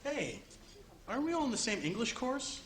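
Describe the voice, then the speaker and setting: Comedy sketch, bright, high, lively male learner who fumbles grammar; faint hiss. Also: moderate pace, exaggerated voice. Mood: cheerful. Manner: cheerful, botches question tags. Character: cheerful male student mangling English grammar.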